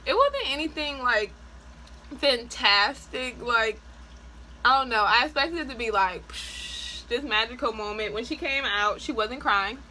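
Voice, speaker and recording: A woman vlogger telling a personal story in a casual, animated way, full of "like" and quick laughs. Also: a little high, slight background noise, low-quality recording. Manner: chatty, animated, frequent "like" and laughs.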